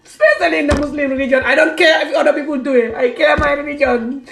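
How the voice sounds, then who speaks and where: A high-pitched woman pours out a fervent, outspoken monologue for her followers, circling back on the same points in broken English. Her voice rings in an echoey room with faint music under it. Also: steady tone, fast, gravelly, fairly bright tone. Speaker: vlogger. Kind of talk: impassioned personal monologue.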